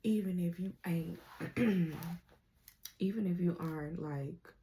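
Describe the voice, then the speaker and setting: A woman's voice: fairly low pitch, takes it slowly, pauses often, warm tone. A woman giving a casual tarot reading to her viewers. She uses slang, laughs often and speaks straight to the viewer. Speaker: tarot reader.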